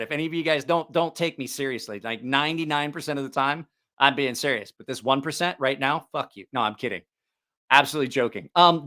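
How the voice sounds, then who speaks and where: A man's voice: fairly high pitch, fairly bright tone. A man hosting a casual livestream about knives, joking, teasing viewers and laughing often. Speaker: knife channel host.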